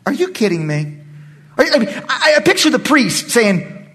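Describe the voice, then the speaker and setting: A man pastor leading a Bible study, animated and acting out the voices of the people in the story. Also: extremely high pitch, moderate pace, slightly rough. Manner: animated, acts out quoted voices. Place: church meeting room.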